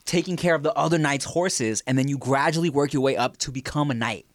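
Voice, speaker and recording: A man's voice: medium pitch, brisk, no room sound, clean studio sound. A man co-hosting a podcast, telling stories in casual chat, swearing freely and slipping into playful put-on voices. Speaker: podcast co-host.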